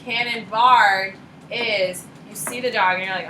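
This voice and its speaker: A woman teaching a high school psychology class, blunt and lively, acting out examples in quoted voices. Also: normal speed. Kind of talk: classroom lecture.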